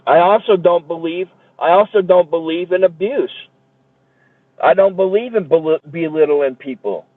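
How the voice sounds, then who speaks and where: A man's voice: on the high side, no room sound. A man ranting in a heated, profane and repetitive way, as if streaming a monologue. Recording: tinny phone-like dry audio.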